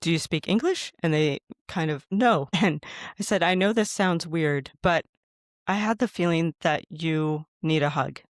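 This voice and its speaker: A man's voice: a little high, unhurried, no room sound, studio quality. A man hosting a podcast, earnestly telling a personal story in a conversational way and acting out his own thoughts.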